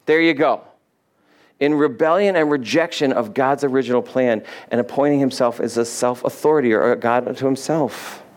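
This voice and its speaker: A man's voice: mid-range voice, a little fast, hardly any pauses, darkish tone. A male pastor giving a sermon, retelling Bible stories in a casual, conversational way and acting out the characters.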